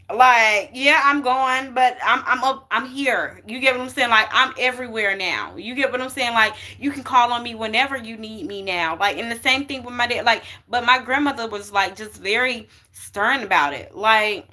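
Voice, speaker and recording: Bright-voiced woman giving a chatty reading. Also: medium pitch, moderate pace. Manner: chatty, emphatic, keeps saying okay and y'all. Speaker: spiritual card reader. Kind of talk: casual spiritual reading to viewers.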